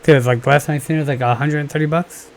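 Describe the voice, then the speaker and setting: A man with a somewhat raised voice drops short wisecracks into a casual group chat. Loud crowd noise surrounds his speech. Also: a little high, steady tone, rapid-fire. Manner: wisecracking, brief interjections.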